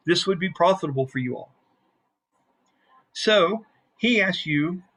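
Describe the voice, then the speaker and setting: A man's voice: on the high side, pushed and bright. A man running a tabletop game as game master, narrating in a rambling, casual way with many fillers.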